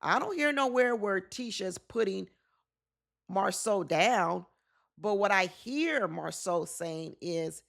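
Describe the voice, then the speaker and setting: A woman talks through a reality show episode in casual, opinionated commentary. Her voice has a gravelly, creaky texture at a middle pitch. She often slips into the words of the people she discusses. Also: lively intonation, slow pace, fairly bright tone. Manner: opinionated, acts out quotes of cast members.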